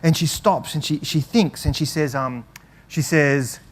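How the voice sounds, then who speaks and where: A professor telling a lively personal story to an audience, acting out family voices and often restarting his sentences. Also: a little high, measured pace. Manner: animated, chatty, acts out family voices, frequent restarts. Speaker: professor giving a presentation.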